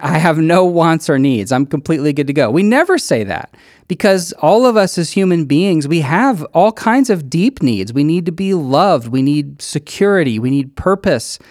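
A man's voice: fairly high pitch, expressive, normal speed, a little mellow, dry recording, studio quality. A man preaching a sermon in a conversational, earnest way, with emphatic stresses as he works through a passage. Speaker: pastor.

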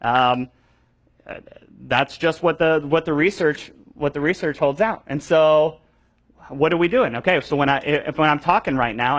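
A young man with a slightly higher voice, teaching a room of volunteer teachers. He talks in a loose, animated way, full of fillers and quick restarts, and slips into playful voices to act out students. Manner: acts out voices of students for effect. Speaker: children's ministry trainer. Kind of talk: teaching a training session.

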